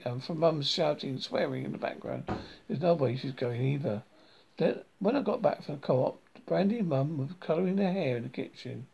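A man's voice: fairly high pitch, gravelly, mellow, slightly rough. A man reading a comic diary novel aloud, with frequent slips and restarts. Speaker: reader.

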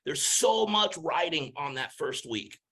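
A man's voice: a little high, animated, measured pace, a bit bright. A man giving urgent, exhorting advice on a training call for health coaches.

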